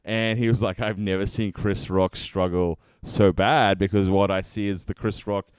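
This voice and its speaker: Animated comedian, low clear voice. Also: male voice, normal speed, dry recording. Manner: animated storyteller, acts out quotes; swears casually. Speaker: stand-up comedian. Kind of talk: casual interview chat.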